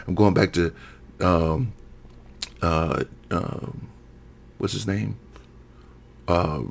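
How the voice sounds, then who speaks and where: A middle-aged man from Alabama giving a heated solo rant, often repeating and correcting himself. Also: low voice. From Alabama, USA. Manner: heated, repetitive, self-correcting. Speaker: political commentator.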